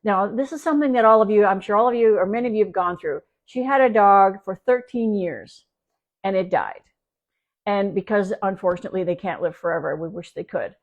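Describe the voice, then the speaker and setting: A woman's voice: medium pitch, a little fast, lo-fi sound. A woman from Canada, a dog trainer, talking casually on a live stream at home, rambling with restarts and fillers. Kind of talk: casual livestream talk. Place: at home with her dog nearby.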